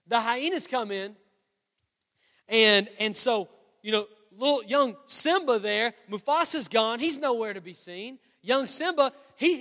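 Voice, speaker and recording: A man in his thirties preaching a sermon, telling a story with animated energy that builds into passionate, loud preaching. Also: extremely high pitch. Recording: long hall reverb with faint guitar.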